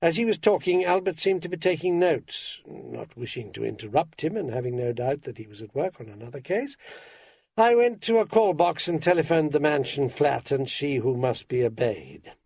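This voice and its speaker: A man's voice: fairly high pitch, expressive, moderate pace, gravelly, darkish tone, breathy edge, no room sound. A man narrating an audiobook in a dry, wry first-person manner.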